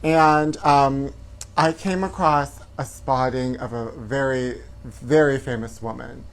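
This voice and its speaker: A man's voice: medium pitch, steady tone, slow. Campy male host, flamboyant gossip delivery, says honey a lot. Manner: flamboyant, calls viewers honey. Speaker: comedy show host.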